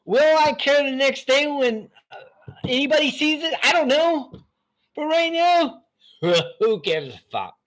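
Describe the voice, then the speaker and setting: Rambling, excitable man on a phone stream. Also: very high-pitched, a little slow. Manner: excitable, profane, jumps between topics. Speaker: channel host. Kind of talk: rambling live stream monologue.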